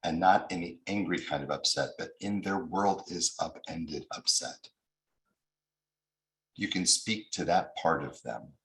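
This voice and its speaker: Man, American accent, deep, lecturing on mediation, roomy echo. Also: unhurried, a bit bright. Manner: explains with examples, acts out quoted angry voices. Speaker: mediation trainer. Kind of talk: recorded lecture.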